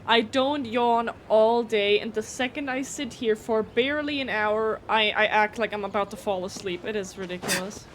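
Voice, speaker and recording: A woman's voice: mid-range voice, steady tone, brisk, hardly any pauses, fairly bright tone, a little hiss or hum. A woman streaming a video game live, chatting casually with viewers in a blunt manner and swearing now and then. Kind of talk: casual live gameplay commentary.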